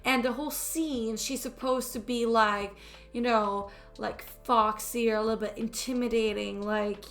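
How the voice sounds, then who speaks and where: A woman's voice: a little high, moderate pace, pushed and bright. A young Swedish woman with a Swedish accent, chatting casually and rambling while she draws on a stream. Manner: chatty, rambling with restarts and fillers. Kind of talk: casual chat while drawing. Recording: faint music behind.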